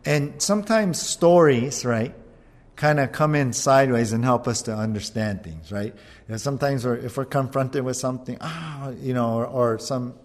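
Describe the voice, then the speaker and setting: Animated man preaching in a hall. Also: medium pitch, normal speed. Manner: conversational, animated, keeps asking "right?". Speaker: pastor. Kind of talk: sermon.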